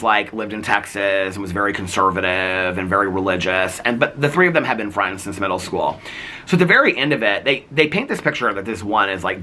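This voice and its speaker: Rambling man with a bright voice. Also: lowish voice. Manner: rambling, heavy use of "like"; earnest and heartfelt. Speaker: vlogger. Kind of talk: casual chat.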